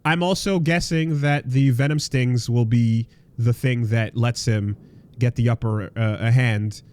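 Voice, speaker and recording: A man's voice: mid-range voice, steady tone, measured pace, a little mellow, clear, resonant tone. A man co-hosting a casual podcast, rambling and swearing, with lots of fillers and restarts. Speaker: podcast co-host.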